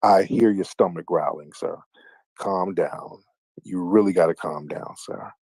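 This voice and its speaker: A man's voice: sits low, measured pace, creaky, a little mellow, slightly rough, no echo. A man hosting a late-night livestream call-in show, teasing and taunting his callers in a mocking sing-song way. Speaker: livestream host. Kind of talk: casual call-in banter.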